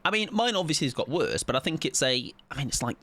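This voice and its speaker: A man's voice: fairly high pitch, very animated, quick pace, fairly bright tone. A man streaming a game, reading out chat and rambling casually with swearing and laughs. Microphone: desk mic at his PC.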